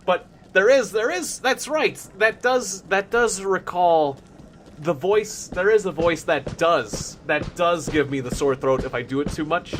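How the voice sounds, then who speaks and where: Guy streaming games, fairly high voice, goofy and laughing a lot, chatting with chat. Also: unhurried, fairly bright tone, a little hiss or hum. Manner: playful, laughs often, chats with viewers. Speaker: game streamer. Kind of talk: casual live stream chat.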